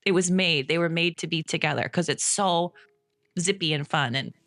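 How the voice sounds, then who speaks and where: A woman's voice: fairly low pitch, moderate pace, a bit bright, no echo, studio quality. A woman around forty co-hosting a podcast in casual, enthusiastic chat, laughing often. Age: about 40. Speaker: podcast co-host.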